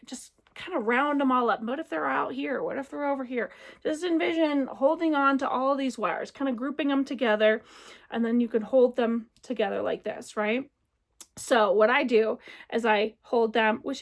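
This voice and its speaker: A middle-aged woman with a fairly high voice talks casually to camera from her home library. Her delivery is chatty and animated, and she throws in playful sound effects as she explains. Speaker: crystal jewelry seller giving spiritual advice. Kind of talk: casual instructional talk to camera.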